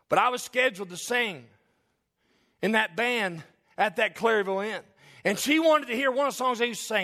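A man preaching a sermon in church, swinging between loud emphatic lines and soft, quiet asides. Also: sits high. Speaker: pastor.

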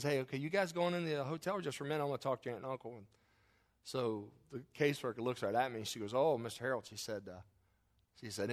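A man preaching a sermon and telling a family story in a folksy way, moving between loud emphasis and quiet, hushed lines. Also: medium pitch. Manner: acts out quotes in his story. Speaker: pastor.

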